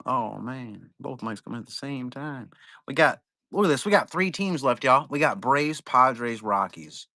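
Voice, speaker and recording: A man's voice: mid-range voice, lively intonation, moderate pace, bright, forceful tone, no room sound. A young man hosting a live card-break stream, chatting casually in a rambling, profane way.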